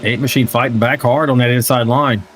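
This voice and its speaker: Guy commentating a sim stock car race, casual and jokey, reads the chat, mid pitch, car engines roaring behind him. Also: fairly even intonation, brisk, background noise. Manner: conversational, reads viewer chat aloud, joking asides. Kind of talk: live sim-racing play-by-play commentary. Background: racing car engines.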